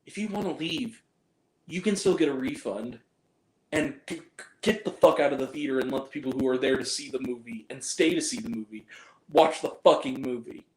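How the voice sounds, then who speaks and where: A man's voice: mid-range voice, brisk, darkish tone. A man hosting a movie review vlog, venting in a heated, profane rant and often repeating himself. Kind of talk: angry ranting vlog monologue. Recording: roomy echo.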